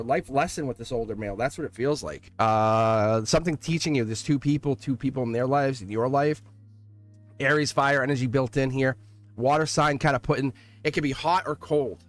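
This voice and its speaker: Chatty man giving a live tarot reading. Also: medium pitch. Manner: chatty, laughing, talks straight to viewers. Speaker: tarot reader streamer. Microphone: desk mic. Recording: faint music behind the voice. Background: soft background music.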